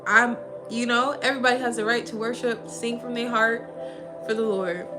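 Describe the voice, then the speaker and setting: A young woman from Minnesota, hosting a casual livestream and telling a story in an animated, slangy way with bursts of laughter. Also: a little high, normal speed. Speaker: livestream host. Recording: music playing behind.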